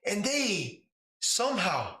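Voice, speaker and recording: A man's voice: very high voice, animated, slow, bright, forceful tone, pitched above the performer's own voice, exaggerated voice. A man voicing a shape-shifting woman who turns from a little girl into a furious, cursing adult, ranting and mocking in a tabletop game. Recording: echoey room, faint noise.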